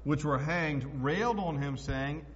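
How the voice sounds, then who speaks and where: Male pastor, high-pitched and emphatic, preaching from the pulpit; recording is dull and lo-fi. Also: measured pace. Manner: emphatic preaching, swinging between loud and hushed. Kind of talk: sermon. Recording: echoey hall, dull lo-fi sound.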